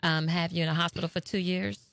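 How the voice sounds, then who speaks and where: A woman's voice: fairly low pitch, fairly even intonation, fast talker, gravelly, fairly bright tone, dry recording. A woman hosting an interview show, talking candidly and conversationally with many fillers. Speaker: show host.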